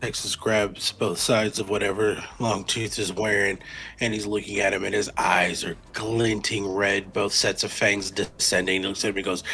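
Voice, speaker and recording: A man's voice: fairly low pitch, little pitch movement, normal speed, creaky, pushed and bright. A man casually narrating his character's actions in a tabletop game, sounding tired and swearing. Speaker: player.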